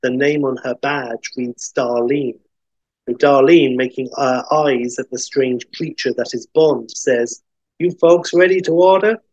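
A man hosting a podcast, telling a film pitch as a lively story full of fillers, in a dull, dry recording. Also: unhurried, slightly rough, no room sound. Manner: animated retelling with many fillers.

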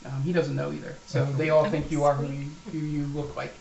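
A man's voice: a little high, level tone, fairly quick, vocal fry, a little mellow, lo-fi sound. A man running a tabletop game as game master, narrating casually and voicing monsters in short quotes. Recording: echoey room with faint noise.

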